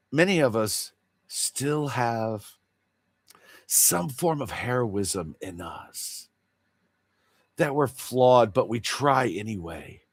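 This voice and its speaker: A man's voice: mid-range voice, no echo. A man hosting a casual livestream chat, rambling in an earnest and confessional way. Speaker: livestream host.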